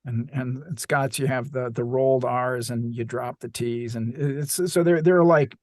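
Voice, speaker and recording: A man's voice: medium pitch, fairly even intonation, unhurried, no room sound, clean studio sound. A male audiobook narrator in casual podcast chat, thoughtful and searching for words, often restarting his sentences.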